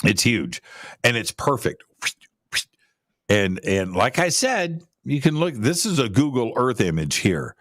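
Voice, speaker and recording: A man's voice: mid-range voice, big pitch swings, measured pace, fairly bright tone, dry recording, studio quality. A man talking casually about pyramids as a guest, rambling, repeating words and restarting his sentences. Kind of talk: casual conversational talk.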